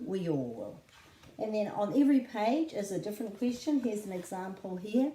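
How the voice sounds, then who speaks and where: A woman with a New Zealand accent, a children's book author teaching in a clear, patient way and spelling out words slowly. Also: mid-range voice, very animated, dark tone, reverberant, rough recording. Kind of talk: friendly teaching talk.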